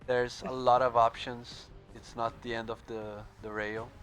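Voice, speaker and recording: A man at a middle pitch running a tabletop game as game master. He talks in an easygoing way, laughs often and fills his pauses with uh. Faint music plays behind him. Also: little pitch movement, fairly bright tone.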